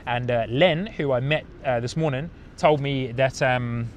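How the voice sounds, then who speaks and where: An upbeat man with an English accent softened by a New Zealand tinge chats casually to his live-stream viewers. He talks from outdoors in an airport car park, so faint outdoor noise sits behind his mid-pitched voice. He fills his sentences with "uh"s and often starts over. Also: unhurried. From United Kingdom. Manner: upbeat and chatty, with frequent filler words and restarts. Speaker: plane-spotting livestream host.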